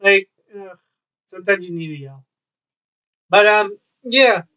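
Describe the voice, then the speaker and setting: Speaking unhurriedly in a high-pitched voice that's pushed and bright yet clean, a young vlogger wanders through casual stories at home. He peppers them with wry asides and lots of swearing while a child is nearby. The audio is dull, lo-fi and distant.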